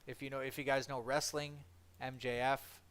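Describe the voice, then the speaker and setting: A man's voice: mid-range voice, little pitch movement, normal speed, fairly bright tone, smooth. A man from Ontario streaming a game, chatting casually and rambling while he answers viewers' comments. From Ontario, Canada. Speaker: gaming streamer. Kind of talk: casual chat with live chat while gaming.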